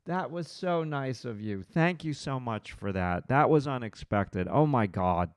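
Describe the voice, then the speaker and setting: A man's voice: mid-range voice, animated, unhurried, hardly any pauses, clean tone, no echo, clean studio sound. A man hosting a live drawing stream, thinking aloud as he draws and chatting with viewers in his chat.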